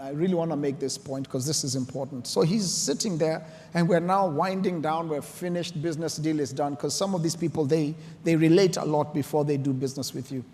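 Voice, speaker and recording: A man with a fairly high voice gives a conference talk, telling stories with earnest feeling. His words ring out through a large hall with a long reverb trailing behind them. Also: darkish tone. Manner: earnest, storytelling, emotional emphasis. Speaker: conference speaker.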